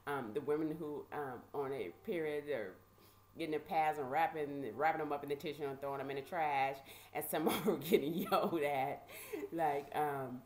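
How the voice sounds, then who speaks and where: A woman vlogger casually telling a personal story, animated and conversational with lots of fillers. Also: sits low, normal speed, slight background noise.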